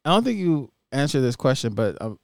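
A man's voice: medium pitch, very animated, brisk, no room sound, studio quality. A man co-hosting a casual podcast who speaks in a laid-back, drily amused way and reads out viewer questions. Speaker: podcast co-host, DJ. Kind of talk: casual chat.

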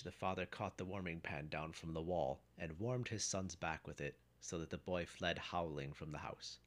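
A man narrating an old folk tale in a measured storyteller's delivery. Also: sits low, a bit bright.

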